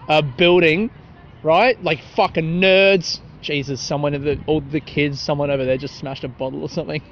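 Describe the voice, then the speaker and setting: Profane young man rambling into a phone. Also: fairly high pitch. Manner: profane, self-mocking, laughs at his own jokes. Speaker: podcast host. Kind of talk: rambling solo podcast recorded on the street. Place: city street outdoors at night. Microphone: phone held while talking. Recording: dull phone recording with street noise. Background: faint traffic and passers-by.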